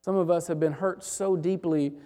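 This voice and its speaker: A pastor preaching a sermon who swings between loud emphatic bursts and quiet, hushed passages. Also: mid-range voice, steady tone, moderate pace.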